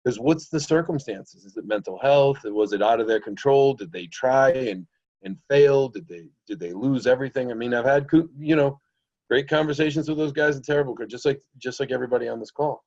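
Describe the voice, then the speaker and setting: A man's voice: medium pitch, brisk, darkish tone. A man speaking as a guest in casual podcast chat, reflective and opinionated, heard over dull call audio.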